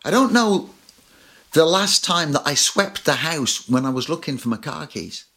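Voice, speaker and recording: A man's voice: fairly high pitch, expressive, moderate pace, pushed and bright. A man preaching a sermon as pastor, telling personal stories with light humor. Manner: storytelling with personal anecdotes and humor.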